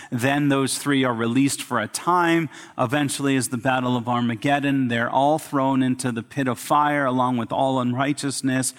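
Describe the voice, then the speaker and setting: A man preaching a sermon as pastor, talking conversationally to his congregation. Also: medium pitch. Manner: conversational, tells jokes with animated character voices. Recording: long hall reverb.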